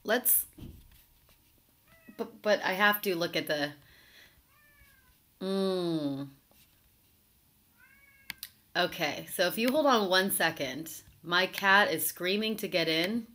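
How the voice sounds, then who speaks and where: Lower-voiced woman hosting a sarcastic live chat. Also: takes it slowly, pauses often, sharp tone. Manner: sarcastic, chatty, reacts to viewer comments. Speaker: talk show host reading live chat. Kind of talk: casual live-stream commentary.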